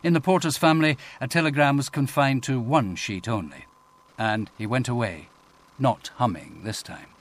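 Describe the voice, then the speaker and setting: A man narrating an audiobook in a measured, expressive reading voice. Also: medium pitch. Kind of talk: scripted narration.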